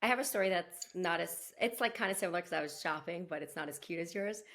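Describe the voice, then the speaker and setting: A woman co-hosting a podcast, telling a shopping story in a relaxed, friendly way. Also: fairly low pitch, quick pace. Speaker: podcast co-host. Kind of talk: casual chat.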